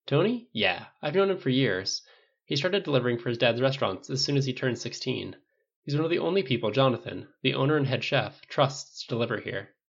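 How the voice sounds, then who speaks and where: Quippy middle-aged superhero, read by a man, lively banter, gravelly. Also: medium pitch, a little fast, highs cut off. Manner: teasing, cocky banter.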